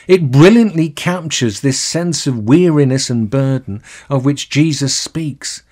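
A male minister giving a recorded sermon in a measured, deliberate way, slowing down to linger on key phrases. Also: mid-range voice, a little mellow.

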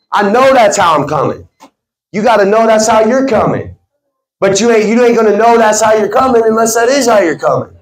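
A man giving a motivational talk to a sales team, stressing his words with an emphatic, preacherly cadence. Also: high voice. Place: team meeting room. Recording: echoey meeting room.

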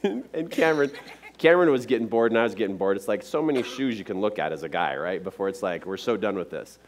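A motivational speaker with a fairly low voice talks fast at a seminar, telling a live audience a personal story. He's animated and acts out the dialogue himself, with slight background noise behind him.

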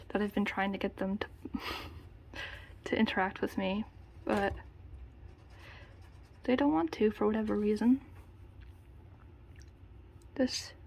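A woman's voice: medium pitch, creaky. A young woman vlogging casually, talking to her pet rats in cooing baby talk and sometimes whispering.

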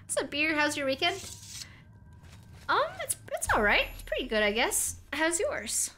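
A woman's voice: high-pitched, huge pitch swings, normal speed, pushed and bright, a little hiss or hum. A young woman from North America chatting casually while streaming a game, rambling with restarts and frequent giggles. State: voice cracking. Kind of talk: casual gameplay commentary.

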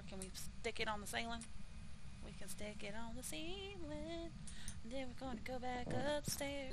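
A woman streamer, chatting casually and reacting loudly as she plays a ghost-hunting game, sometimes whispering. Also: mid-range voice, noisy background. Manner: chatty, easily startled, swears and jokes; drops into whispers at times. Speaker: gaming streamer. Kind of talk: casual gameplay commentary.

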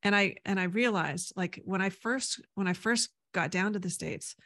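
A woman's voice: medium pitch, moderate pace, a bit bright, no room sound, clean studio sound. A woman who grew up in Canada, a podcast guest telling rambling stories in casual chat, often tagging her sentences with "right?". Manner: rambling storyteller, many "right?" tags.

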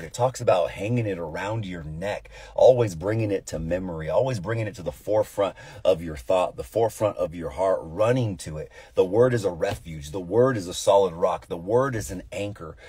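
A man's voice: deep voice, brisk, few pauses, warm tone, slightly rough, no echo. A man giving an informal devotional Bible teaching, earnest and repeating phrases for emphasis.

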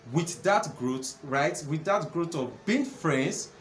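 A man hosting a solo talk on relationships, earnest and conversational, often pausing with fillers. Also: a little high, animated. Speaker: host, counselor. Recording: echoey room with faint background noise.

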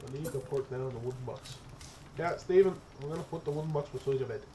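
A young man giving casual let's-play commentary, excitable and profane, chattering to his in-game pet as he plays. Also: medium pitch, quick pace, slight background noise. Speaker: gaming streamer.

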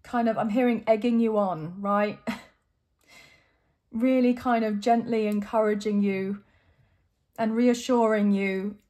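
A woman's voice: a little high, steady tone, measured pace, long pauses, darkish tone. A young adult woman giving an encouraging, emotional tarot reading to her viewers, at times choked up. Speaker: tarot reader.

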